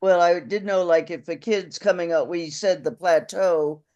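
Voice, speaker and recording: A man's voice: sits high, fairly even intonation, normal speed, darkish tone, dull audio. A man who coaches and interviews a fellow coach, asking questions and giving short affirmations. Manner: attentive, frequent short affirmations.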